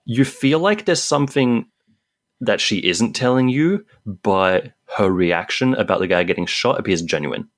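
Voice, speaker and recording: Give me a male game master with a very deep voice narrating a tabletop game in a fast, casual way. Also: lively intonation. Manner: quick, casual narration with fillers like "like" and "uh".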